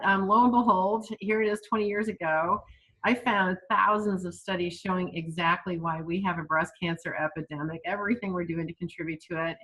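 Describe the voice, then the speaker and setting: Female physician guest, low-set but bright voice, animated emphatic explainer with fillers. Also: rough recording. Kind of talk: interview podcast.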